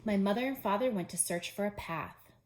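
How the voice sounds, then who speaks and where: Woman reading as patient male frog, steady, encouraging, hushed storyteller, storybook read-aloud. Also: mid-range voice, brisk, reverberant, slight background noise, natural voice. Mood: storytelling.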